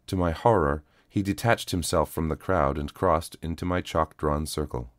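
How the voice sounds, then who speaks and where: Very deep-voiced male story narrator. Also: moderate pace, few pauses, no echo, studio quality. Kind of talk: first-person story reading.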